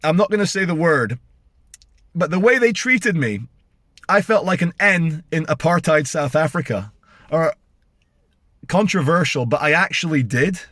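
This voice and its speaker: A middle-aged British man ranting to camera as he tells a story, animated and sarcastic. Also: a little high, moderate pace, pauses often, no room sound, clean studio sound. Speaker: vlogger. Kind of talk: casual storytelling rant to camera.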